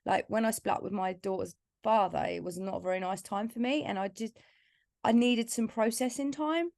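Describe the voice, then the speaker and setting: A woman's voice: medium pitch, normal speed, gravelly, a little mellow, no room sound, studio quality. A woman from Essex, England, a singer-songwriter guest talking candidly and from the heart in a casual podcast interview, with lots of "like". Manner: candid, heartfelt storytelling with filler "like".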